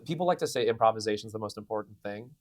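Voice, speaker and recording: A man in his thirties talks with animated energy as a voice actor guest at a convention interview. His pitch swings widely as he tells stories, restarting his sentences and trying on voices along the way. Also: very fast, dry recording. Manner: animated storytelling with many restarts and playful voices. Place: convention venue.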